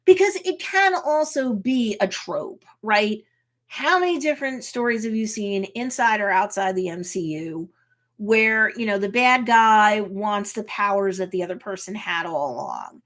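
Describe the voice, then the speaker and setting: A woman's voice: mid-range voice, lively intonation, measured pace, fairly bright tone. A woman attorney chatting casually as she reacts to and retells a TV episode, often tagging her points with "right?" and "like". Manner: chatty, retells scenes, tags lines with "right?" and "like".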